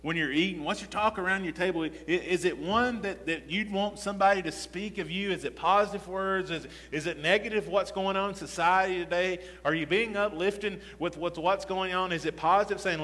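A man's voice: high-pitched, fairly quick, hardly any pauses, fairly bright tone. A male pastor preaching a sermon in a conversational style, often repeating "listen" and asking the congregation rhetorical questions. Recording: long reverb of a large hall.

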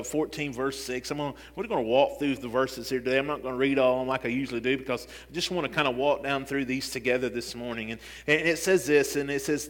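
A man's voice: medium pitch, fairly bright tone. A man preaching a sermon. He builds in intensity and keeps repeating "listen" as he restarts his phrases. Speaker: pastor. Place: church sanctuary. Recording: long hall reverb.

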